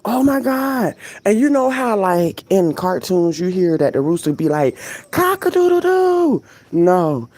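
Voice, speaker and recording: A middle-aged woman from Florida, chatting casually at home on her vlog and drifting into animated stories and tangents. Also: fairly low pitch, measured pace, hardly any pauses, no room sound. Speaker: vlog host. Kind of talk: casual rambling chat.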